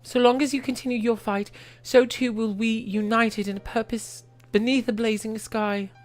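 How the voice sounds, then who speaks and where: An actress voicing a steadfast young woman ally in a video game cutscene, speaking earnestly and gently with quiet resolve. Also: a little high, steady tone, normal speed, natural voice. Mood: resolute.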